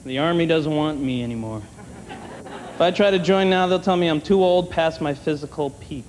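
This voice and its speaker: A man doing a stand-up comedy set on a comedy club stage, wry and conversational, slipping into quick voices for his bits. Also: on the high side, darkish tone. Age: older than 30. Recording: long hall reverb, clear room noise, 1990 TV taping.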